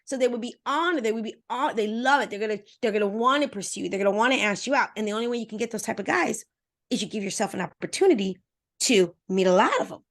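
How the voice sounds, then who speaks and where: A woman dating coach talking as a podcast interview guest, energetic and emphatic, speaking straight to her listeners and acting out little voices. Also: quick pace. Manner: acts out voices with expressive pitch swings.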